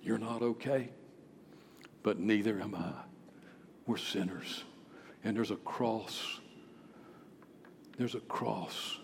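A man preaching a sermon in a church, swinging from hushed, low passages to loud, emphatic outbursts. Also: slight background noise. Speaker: pastor. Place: church sanctuary. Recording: long reverb of a large hall.

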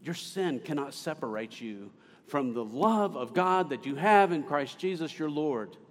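A man's voice: fairly high pitch, animated, a little slow. A male pastor preaching a sermon with emphatic, swelling stresses, recorded in a church sanctuary. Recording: long hall reverb.

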